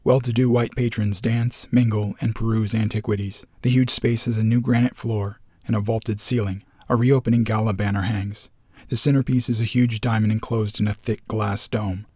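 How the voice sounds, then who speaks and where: A man reading a screenplay aloud as narrator, steady and matter-of-fact. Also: on the low side, normal speed, slightly rough, no room sound, studio quality.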